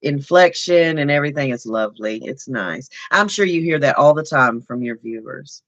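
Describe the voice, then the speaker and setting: A woman with a Southern US accent chatting on a livestream, effusive and expressive, laughing often. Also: a bass voice, normal speed, no room sound, muffled recording. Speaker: livestream guest. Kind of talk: casual livestream chat.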